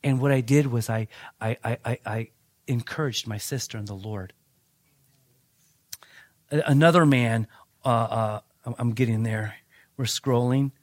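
A man's voice: mid-range voice, unhurried, long pauses, no echo. A man preaching a sermon in a conversational way, telling personal stories and often restarting his sentences. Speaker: pastor.

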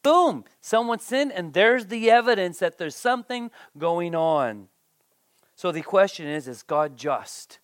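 A pastor preaching a sermon in an animated way, often repeating words and briefly acting out the people quoted. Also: mid-range voice, a little slow, dry recording.

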